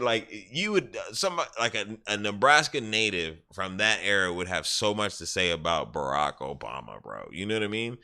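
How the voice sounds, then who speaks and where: A man's voice: lowish voice, animated, moderate pace, bright, forceful tone. A man casually rambling on a livestream, swearing freely and laughing as he retells a scene. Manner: profane, rambling, laughs often. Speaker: gaming streamer.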